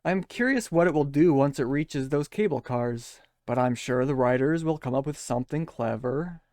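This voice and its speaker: A man's voice: medium pitch, moderate pace, a little mellow, no echo. A man giving scripted, sarcastic commentary as a show critic, scathing, mocking and profane.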